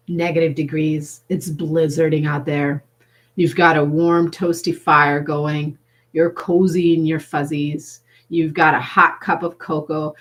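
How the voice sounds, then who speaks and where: A woman facilitating a workshop, leading a gentle, unhurried guided meditation with playful, sassy asides. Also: deep voice.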